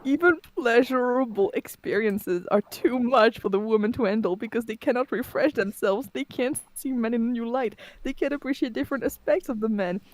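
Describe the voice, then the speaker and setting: A woman's voice: fairly high pitch, fairly quick, hardly any pauses, no echo, poor audio. A woman co-hosting a podcast, chatting casually and reading a post aloud in a mocking tone, laughing often and swearing. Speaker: podcast co-host.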